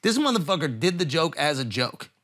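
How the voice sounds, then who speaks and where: A man talking shop with other comedians, voice sitting a bit high, swearing freely and getting worked up as he tells it. his delivery is loose and conversational. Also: a little fast, a little hiss or hum. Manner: excited, profane storytelling. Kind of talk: casual chat.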